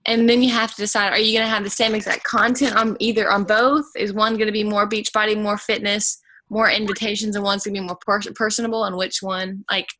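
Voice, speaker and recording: Bright, chatty woman on a video call. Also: mid-range voice, a little hiss or hum, poor audio. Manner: chatty, talks in quick self-correcting bursts. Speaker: fitness business team member. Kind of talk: casual video call chat.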